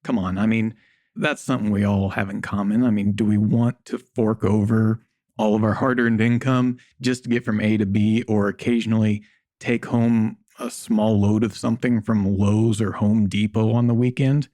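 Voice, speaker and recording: A man with a somewhat low voice talks bluntly about everyday life, tossing in swear words and jokes. The sound is dry and close to the mic. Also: flat delivery, normal speed, warm tone, dry recording. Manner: blunt, joking, swears casually. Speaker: podcast guest. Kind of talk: casual interview chat.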